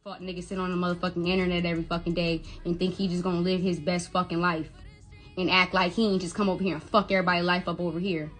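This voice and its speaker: A woman's voice: lowish voice, flat delivery, quick pace, fairly bright tone, soft background music. A woman speaking as a mother, talking bluntly with heavy swearing and retelling conversations by quoting them. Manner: blunt, profane, retelling dialogue with quotes. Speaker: mother telling her son's story. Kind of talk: emotional vlog monologue.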